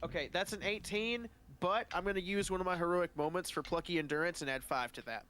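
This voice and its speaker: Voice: medium pitch, fairly quick, a little hiss or hum. A tabletop game player calling out dice rolls and talking over the table. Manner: animated, counting out rolls.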